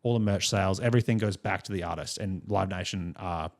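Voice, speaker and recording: Low-pitched and fast, with noticeable vocal fry, a young Australian man co-hosts a music podcast. He rambles through casual stories, chuckling a lot.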